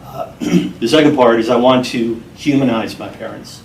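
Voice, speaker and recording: A man being interviewed, speaking in an earnest, measured and heartfelt way. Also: medium pitch, creaky, recorded from a distance, a little hiss or hum. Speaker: interview guest. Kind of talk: earnest, reflective interview talk. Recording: roomy sound from off-mic, faint music behind.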